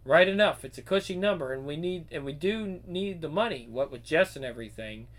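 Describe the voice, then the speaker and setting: Male actor as a plain-spoken Scottish ex-squaddie guard, film drama, slightly high voice. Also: expressive, fairly quick, lightly acted. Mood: resigned. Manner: plain-spoken, blunt, earthy. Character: working-class male ex-soldier turned security guard, troubled father. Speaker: film character.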